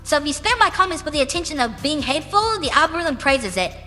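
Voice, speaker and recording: A woman's voice: sits high, very animated, fast talker, pushed and bright. A young adult woman musician answering interview questions in a blunt, boastful, profane way. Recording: reverberant with background music.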